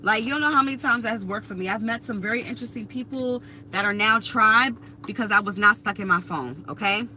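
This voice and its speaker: A woman's voice: medium pitch, a little fast, few pauses, sharp tone, a little hiss or hum, poor audio. A woman in her thirties doing a casual live tarot reading, talking bluntly and with profanity straight to her viewers. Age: 30s. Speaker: tarot reader.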